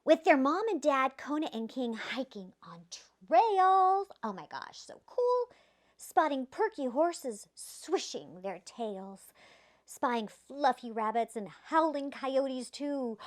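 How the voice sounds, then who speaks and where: Female storytime reader, playful, asks the kids questions, higher voice, slow delivery. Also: big pitch swings. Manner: drops to a whisper at quiet moments. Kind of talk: reading a rhyming picture book aloud to children.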